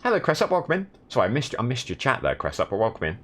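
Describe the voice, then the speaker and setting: A man's voice: medium pitch, wildly swooping pitch, racing, fairly bright tone, a little hiss or hum. A young man from the south of England chatting casually while streaming a driving game, with dry, sardonic commentary. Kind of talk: casual gaming stream chat.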